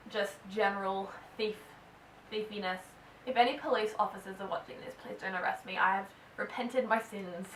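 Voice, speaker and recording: A young Australian woman telling a storytime vlog in a chatty, animated way full of "like" fillers. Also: mid-range voice, roomy sound, recorded from a distance, a little hiss or hum. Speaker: vlogger.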